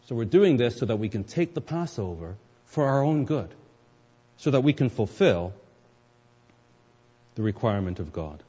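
A man's voice: medium pitch, very animated, normal speed, pauses often, mellow, slightly rough. A male pastor preaching a sermon to his congregation, explaining scripture step by step and addressing the listeners directly. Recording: dull, lo-fi recording with long hall reverb.

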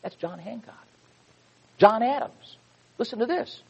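A man's voice: high-pitched, expressive, unhurried, vocal fry, slightly rough, muffled recording. A man preaching a sermon from the pulpit, speaking emphatically and reading quotations with rising fervor.

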